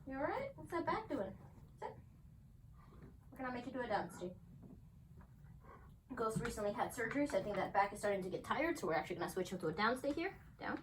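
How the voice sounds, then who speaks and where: A woman's voice: a little high, sing-song, quick pace, long pauses. A woman dog trainer at home explaining a demo and praising her dogs in upbeat bursts. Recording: voice from a distance, faint background noise.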